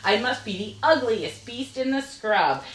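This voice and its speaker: A mean, grotty spotted hyena brags slowly about its looks, played by a woman reading a picture book. The pitch swoops lively between low and high, and the voice echoes in the room. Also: slight background noise. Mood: boastful. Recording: roomy echo.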